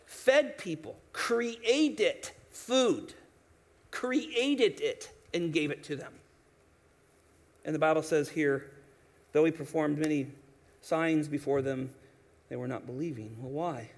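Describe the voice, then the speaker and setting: A man preaching a sermon, animated, acting out quoted voices, often restarting his sentences. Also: on the high side, takes it slowly, long pauses. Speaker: pastor.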